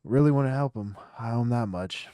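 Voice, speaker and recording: A man's voice: mid-range voice, brisk, mellow, clear, resonant tone, no echo, natural voice. Earnest young rookie lawyer, read by a man, plain delivery, dry close sound. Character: earnest young male rookie defense attorney.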